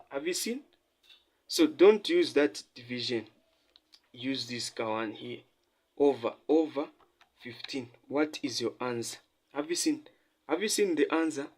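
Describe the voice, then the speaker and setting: A man's voice: medium pitch, darkish tone. A male tutor explaining a geography calculation, repeating key points for emphasis and quizzing listeners as he sketches. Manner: repetitive, quizzing listeners with "the what?" and "have you seen?". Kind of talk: math lesson at a whiteboard.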